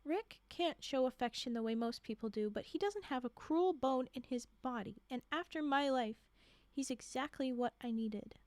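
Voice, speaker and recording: A woman voicing a gentle, tearful middle-aged mother in a read-aloud holiday story, speaking softly and from the heart. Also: high-pitched, moderate pace, no room sound, natural voice. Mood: tender.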